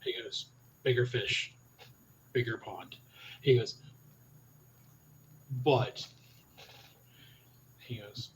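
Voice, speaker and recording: A man's voice: mid-range voice, drawn-out words, pauses often, muffled recording. A man running a tabletop role-playing game as storyteller, recounting what a character says in a string of "he goes" quotes. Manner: retells NPC speech with frequent "he goes".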